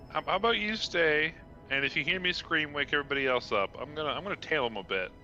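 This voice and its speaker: A man plays in a casual tabletop game, his fairly high voice bright and sharp. He talks quickly and playfully, and faint music runs in the background. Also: dull audio. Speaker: player.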